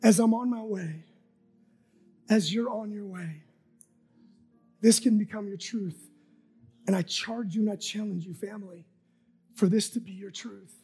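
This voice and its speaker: A man preaching a sermon and leading a prayer, fervent and rhythmic, repeating phrases and swinging from soft whispers to shouts. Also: high-pitched, unhurried, pauses often, slightly rough, faint music behind.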